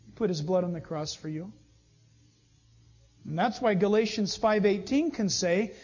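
Acting out small exchanges mid-sermon, a male pastor preaches with animation, his pitch jumping all over. He sounds high and a little husky, on a dull, lo-fi recording.

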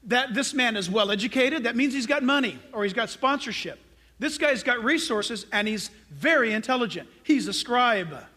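Pastor guy preaching, really high voice, bright and punchy, keeps asking the church questions. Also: expressive, normal speed. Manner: emphatic, asks the congregation rhetorical questions. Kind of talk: sermon.

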